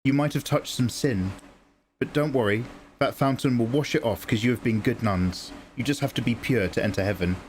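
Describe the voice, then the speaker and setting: A patient old gatekeeper of heaven who speaks gently and reassures, as a man puts him on. The voice stays close to the man's own, with a middle pitch. The tone is calm and unhurried. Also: a little hiss or hum, close to an everyday voice. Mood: reassuring.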